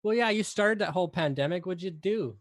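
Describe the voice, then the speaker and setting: A man's voice: high-pitched, brisk. A man who is the guest on a casual live hangout, talking in an easygoing way with frequent laughs.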